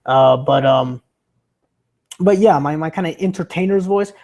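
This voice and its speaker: A young man on a livestream, his voice sitting a bit high for a man and roughened by a sore throat. He rambles casually with lots of restarts, and his pitch drifts around as he slips in and out of a livelier entertainer tone. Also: unhurried, long pauses, darkish tone. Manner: rambling, stammering, with many restarts. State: sore throat from being sick. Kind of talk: casual chat reading viewer comments.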